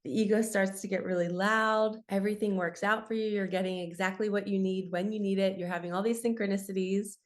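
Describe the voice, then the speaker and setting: A woman's voice: medium pitch, steady tone, a little fast, few pauses. A young adult woman, a spiritual coach, giving an earnest, chatty solo talk to her viewers. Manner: earnest, chatty, uses "you guys" and "like". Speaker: spiritual coach and channel host.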